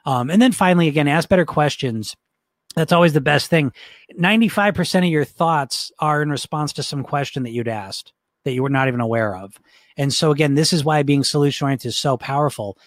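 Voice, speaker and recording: A man's voice: on the high side, brisk, no room sound. A man coaching in a casual teaching talk, conversational, often checking in with the listener and restarting his sentences. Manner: frequent restarts and fillers.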